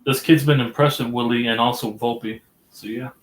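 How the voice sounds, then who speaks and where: A man in a casual sports chat, reacting with excitement as he watches baseball. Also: medium pitch, normal speed, echoey room, slight background noise.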